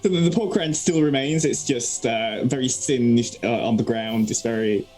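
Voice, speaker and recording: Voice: mid-range voice, normal speed, darkish tone, faint music behind. A player in a tabletop game, speaking hesitantly with many fillers.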